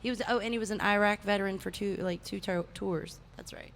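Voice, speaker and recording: A woman's voice: medium pitch, a little fast, vocal fry, slight background noise. A woman talking casually and animatedly outdoors, laughing often between stories. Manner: animated, laughing, chanting cheers. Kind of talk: casual chat.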